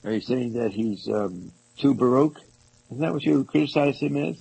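A man reading passages from a book aloud to a small group and commenting on them, halting and rereading lines as he goes. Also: medium pitch, expressive, gravelly, mellow, slightly rough, rough recording. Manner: halting, restarts and rereads passages, asides to listeners. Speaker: discussion leader reading from a book.

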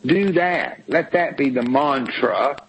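A man's voice: mid-range voice, expressive, slow pace, a bit bright, a little hiss or hum, low-quality recording. A man on a talk show, lecturing and scolding in a blunt, profane, emphatic way. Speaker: co-host. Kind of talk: blunt tough-love talk show rant.

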